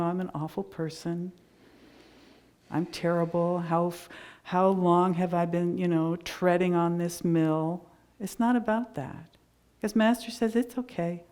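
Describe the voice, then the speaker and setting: A woman's voice: lowish voice, steady tone, measured pace, warm tone. A middle-aged woman minister giving a sermon, in an earnest, conversational storytelling way with frequent restarts.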